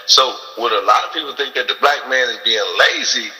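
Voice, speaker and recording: Male host, AAVE, bright cutting voice, preachy rhetorical questions, reverby room. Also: mid-range voice, a little fast. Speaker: podcast host. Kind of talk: casual political talk.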